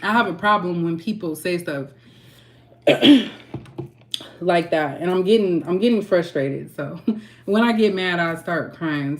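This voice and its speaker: A woman tarot reader and channel host, ranting frankly and heatedly to her viewers and clearing her throat often. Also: on the low side, unhurried. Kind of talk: candid ranting vlog.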